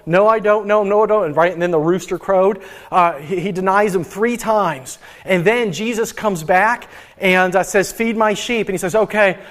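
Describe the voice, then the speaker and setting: A young adult man delivers a sermon in a fairly high voice. He tells the story with playful voices and casual asides. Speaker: pastor.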